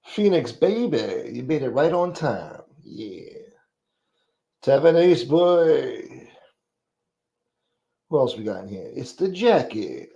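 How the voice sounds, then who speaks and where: A man's voice: medium pitch, very animated, takes it slowly, vocal fry, long pauses, warm tone, muffled recording. A man hosting a livestream, greeting chatters by name in a profane, joking, casual way. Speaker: livestream host.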